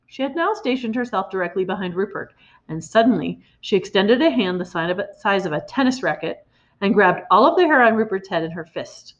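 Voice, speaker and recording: A woman reading a children's storybook aloud in an expressive way, in a slightly muffled recording. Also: mid-range voice, fairly quick. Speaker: reader.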